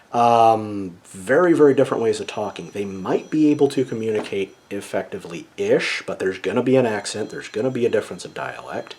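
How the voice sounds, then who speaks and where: A man with a fairly low voice talks through ideas in a casual, lecturing monologue. He keeps checking in with his listener with an "okay?" after nearly every point. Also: darkish tone, a little hiss or hum. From United States. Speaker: video essayist.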